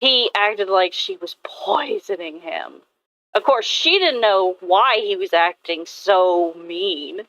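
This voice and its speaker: A woman's voice: medium pitch, lively intonation, slow pace, fairly bright tone, dry recording, dull audio. A woman artist chatting casually and rambling about her characters, swearing now and then. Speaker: artist vlogger. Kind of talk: casual chat while drawing.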